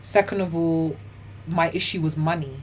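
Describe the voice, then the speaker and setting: A young woman, telling her own story as an interview guest in a chatty, animated way, full of "like" and "you know". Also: sits low, moderate pace, a little hiss or hum. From Ghana and the UK. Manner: laughs often while telling hard stories.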